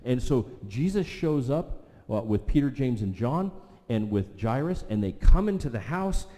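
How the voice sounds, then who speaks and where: A man preaching a sermon, retelling a scripture story with vivid asides, slowing down and dropping to a soft voice for emphasis. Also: medium pitch, lively intonation. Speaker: pastor. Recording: long reverb of a large hall.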